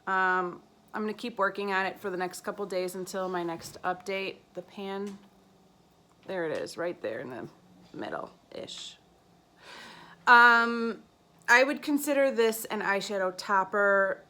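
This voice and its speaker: A woman's voice: medium pitch, unhurried, pushed and bright, slight background noise. A woman beauty vlogger giving a casual, chatty monthly favorites review, meandering and enthusiastic as she recommends products.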